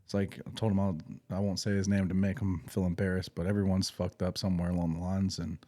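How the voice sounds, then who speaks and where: A former infantry Marine hosting a podcast, telling stories in a casual, rambling way with restarts and profanity. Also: male voice, low-pitched, little pitch movement, fast, dark tone. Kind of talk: casual storytelling.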